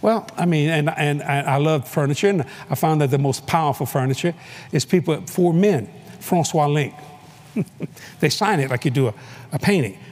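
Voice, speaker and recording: A male preacher telling a story in a sermon at a convention, animated and playful, laughing often and bursting into shouts. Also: fairly high pitch, moderate pace. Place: convention hall before a live audience.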